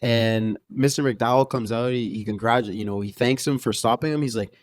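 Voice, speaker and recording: A man's voice: mid-range voice, brisk, dry recording, studio quality. A young man co-hosting a podcast, chatting casually about a film, incredulous and laughing often, swearing freely. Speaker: podcast co-host.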